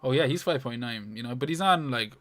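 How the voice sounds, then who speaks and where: A man's voice: mid-range voice, expressive, brisk, a crowd in the background. A man co-hosting a podcast in casual chat, laid-back, swearing freely and using lots of fillers. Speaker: podcast co-host.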